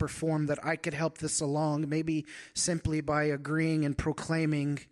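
A man with a somewhat higher voice delivers a sermon. His manner is conversational rather than grand. He leans on rhetorical questions as he feels his way toward his point. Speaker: pastor.

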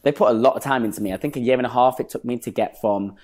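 A young man, a guest telling stories in a casual interview, animated and quick to act out what people said. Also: medium pitch. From northern England. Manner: animated, acts out quoted voices, laughs often. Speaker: guest, stage performer.

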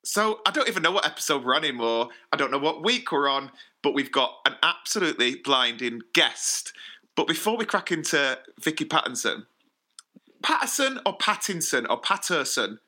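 Male podcast co-host, very bright tone, casual wry storyteller. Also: on the high side, expressive, brisk. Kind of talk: casual chat.

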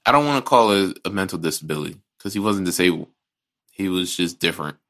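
A man's voice: low voice, animated, fast talker, a bit bright. A man co-hosting a casual movie podcast, talking bluntly and profanely, often restarting his sentences. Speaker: podcast co-host.

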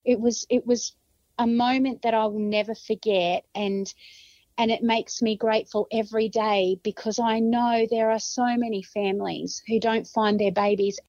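A middle-aged Australian woman, a grandmother, vividly retelling a tense search in an interview and acting out her own shouts and thoughts. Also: on the high side, fairly even intonation, moderate pace, dry recording. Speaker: grandmother of a found child. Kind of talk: emotional interview storytelling. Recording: dull lo-fi sound.

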